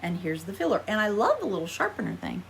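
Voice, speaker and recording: A woman's voice: mid-range voice, huge pitch swings, quick pace, gravelly, a little hiss or hum. An American woman chatting casually in a haul vlog while trying on makeup, rambling and poking fun at herself. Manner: chatty, rambling, self-deprecating. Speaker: vlogger.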